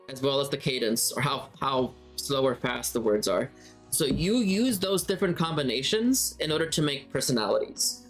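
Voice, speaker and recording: Male game master teacher, middle-pitched, casual unscripted lesson style, self-correcting, faint guitar underneath. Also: fairly bright tone. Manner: conversational, thinks aloud and rephrases mid-sentence. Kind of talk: casual spoken lesson answering questions.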